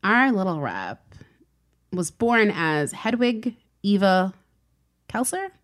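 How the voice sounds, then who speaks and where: A woman's voice: mid-range voice, very animated, slow. A woman co-hosting a casual podcast chat, telling a life story with dry, teasing asides. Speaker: podcast co-host.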